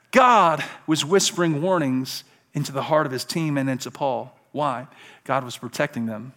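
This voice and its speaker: A man, preaching a sermon as pastor, dropping to hushed tender stretches and rising to loud impassioned ones. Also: mid-range voice, moderate pace. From Alabama.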